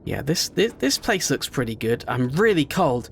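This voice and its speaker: Excitable young man commenting on a game. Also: medium pitch, moderate pace, vocal fry, a little hiss or hum. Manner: excitable, swears and shouts at the game. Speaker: gaming video host. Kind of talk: let's-play commentary.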